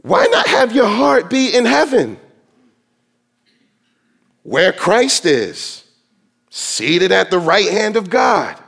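High-voiced man preaching a sermon. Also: wildly swooping pitch, takes it slowly, creaky, pauses often, fairly bright tone. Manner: emphatic preaching, quotes scripture in dramatic voices. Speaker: pastor.

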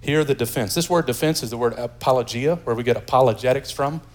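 A pastor from the United States preaching a sermon in a lively, joking, conversational way. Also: male voice, mid-range voice, fast.

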